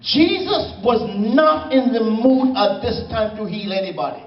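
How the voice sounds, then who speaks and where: A man preaching a sermon as pastor, slow and dramatic, with repeated refrains. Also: very high voice, expressive. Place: church sanctuary. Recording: echoey, dull church recording from far off.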